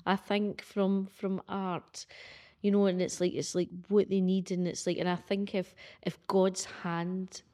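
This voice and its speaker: A woman co-hosting a casual faith chat, halting and searching for her words as she talks. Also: mid-range voice, flat delivery, mellow. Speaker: co-host.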